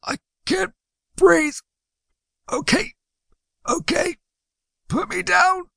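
A man voicing a small, nervous henchman who whines and complains in a high voice. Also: big pitch swings, unhurried, no echo, studio quality. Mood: whining. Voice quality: high, whining. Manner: panicky, complaining.

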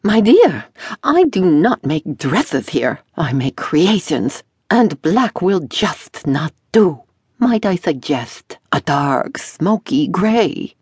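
A woman's voice: fairly low pitch, sing-song, slow pace, darkish tone, husky, no echo, clean studio sound, voice pushed up, exaggerated voice. A woman voicing a fussy, flamboyant middle-aged male dressmaker in an audiobook, with a theatrical, gushing manner.

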